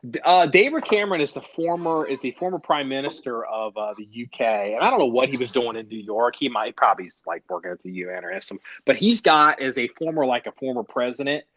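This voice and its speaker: A man's voice: medium pitch, fairly quick, highs cut off. A man hosting a podcast in casual chat, telling stories with blunt, profane asides. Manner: animated storyteller, swears, acts out quotes. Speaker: podcast host.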